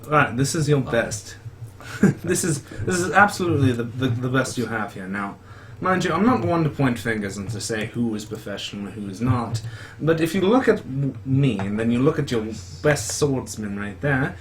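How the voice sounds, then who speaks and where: A boastful wandering monster hunter, pompous and wheedling, who rambles on about his professionalism and his fee, as a player puts him on. The voice sits at a middling pitch, with faint noise behind it. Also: lively intonation, normal speed, natural voice. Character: smooth-talking male monster hunter and bard, boastful.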